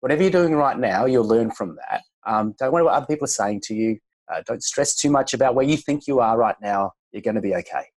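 A man, a chiropractor guest on a podcast, speaking reflectively and telling a gentle story. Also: mid-range voice, lively intonation, fast talker, low-quality recording. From Australia. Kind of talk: relaxed podcast conversation.

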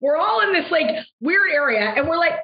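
A middle-aged woman from Canada talks fast and chattily, bursting with enthusiasm and acting out quotes. Her voice sits high. The recording is dull and lo-fi, with a roomy echo around her. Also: big pitch swings. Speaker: guest, fashion entrepreneur. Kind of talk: animated interview conversation. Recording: dull lo-fi sound in an echoey room.

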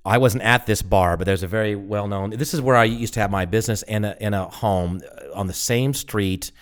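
Man, fairly low voice, casual podcast banter, dry teasing, rambling stories. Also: brisk. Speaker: podcast co-host. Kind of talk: casual chat.

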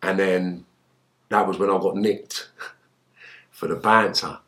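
A man's voice: low voice, slow pace. A middle-aged man, a former gangster telling stories in an interview and swearing a lot. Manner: animated storytelling, acts out voices loudly, swears. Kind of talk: storytelling interview.

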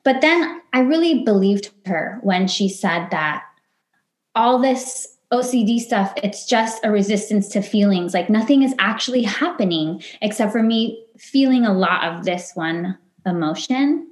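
A woman's voice: mid-range voice, expressive, a little slow. A woman, a podcast guest, telling a personal story in conversation and acting out her past self and others in quoted lines. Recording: roomy echo.

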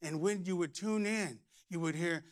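A middle-aged man, preaching a lively, playful sermon with shouts and humor. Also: high voice, normal speed. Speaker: pastor.

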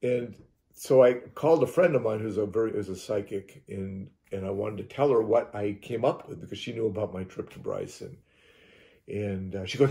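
A man's voice: on the low side, lively intonation, brisk, vocal fry, warm tone. A man, a hypnotherapist, telling his experience in rambling first person, repeating and restarting words and acting out his own reactions.

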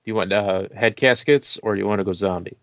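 A man co-hosting a podcast, chatting casually and making dry, deadpan jokes. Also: lowish voice, quick pace, no echo, muffled recording. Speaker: podcast co-host. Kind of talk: casual chat.

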